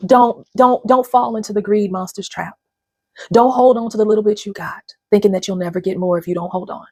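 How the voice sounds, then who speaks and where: A mid-range, darkish, slightly rough female voice comes through brisk and echo-free. She's a channel host in her fifties, emotionally urging her viewers on in a personal motivational address to camera, occasionally on the verge of crying.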